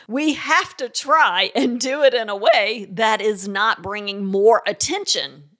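A woman's voice: fairly high pitch, slow, fairly bright tone. A woman co-hosting a parenting podcast, giving practical, firm advice in a casual chat and laughing easily.

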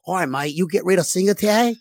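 A man voicing a cheery young male football player, putting on a slow, hammy mock Australian accent. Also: high voice, animated, no room sound, clean studio sound. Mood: cheeky. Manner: slow, hammy put-on drawl.

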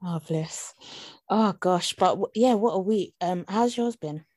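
A woman hosting a casual podcast, talking in a relaxed, drawn-out, sleepy way. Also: mid-range voice, slightly rough, no room sound, clean studio sound. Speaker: co-host.

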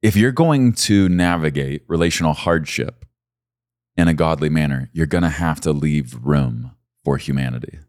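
A man preaching a sermon as pastor, swinging from low, quiet stretches to loud, high emphasis. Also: moderate pace, dry recording, studio quality.

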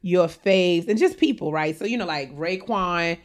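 A woman co-hosting a casual chat, animated and laughing, acting out quotes in character voices. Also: on the low side, unhurried.

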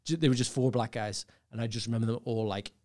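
A man's voice: mid-range voice, steady tone, fast talker, a little mellow. Young guy rambling thru a party story, lots of like and laughs. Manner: rambling anecdote full of "like", laughs a lot. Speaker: podcast guest. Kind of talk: casual chat, storytelling.

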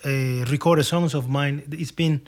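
A man chats as a guest over a video call, his voice sitting fairly high for a man. He tells stories with animated energy, often stopping to restart a phrase. He slips into the voices of the people he quotes. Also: unhurried. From Cuba. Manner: animated, frequent restarts, acts out quoted dialogue. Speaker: guest musician. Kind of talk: casual interview storytelling.

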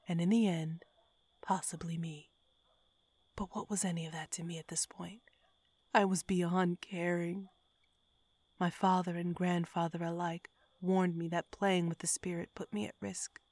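A woman reading a horror story aloud in a hushed, whispery telling. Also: fairly low pitch, no echo. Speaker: narrator.

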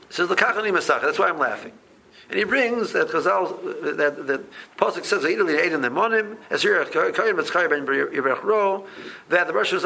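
A man teaching a Talmud class, speaking in a halting way with many restarts and repeated words. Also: on the high side, gravelly, sharp tone, slight background noise, poor audio. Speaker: Torah teacher.

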